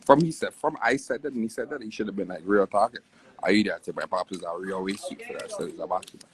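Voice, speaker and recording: A young man, ranting profanely on a phone livestream, his voice jumping wildly between low and high. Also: fast talker, slightly rough, poor audio. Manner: profane, animated, wild pitch swings. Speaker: livestream host. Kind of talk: casual livestream rant.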